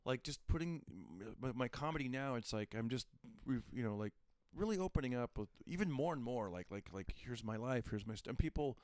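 Male comic, chatty, loose storyteller, mid pitch, dry studio sound. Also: expressive, fairly quick, darkish tone, dry recording. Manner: rambling, storytelling with quoted voices. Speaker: stand-up comedian. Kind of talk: casual podcast chat.

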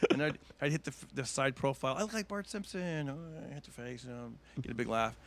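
A man swapping stand-up stories on a podcast, rambling, with plenty of fillers. He keeps slipping into quick cartoon voices while he talks. His pitch sits in an ordinary middle range. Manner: rambling, full of fillers, bursts into cartoon impressions. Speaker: stand-up comedian, podcast guest. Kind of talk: casual storytelling chat.

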